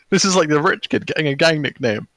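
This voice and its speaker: A man's voice: fairly high pitch, no room sound. A man playing a tabletop role-playing game, joking and describing his character's actions in a playful way. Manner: playful, animated, quick to laugh. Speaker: player.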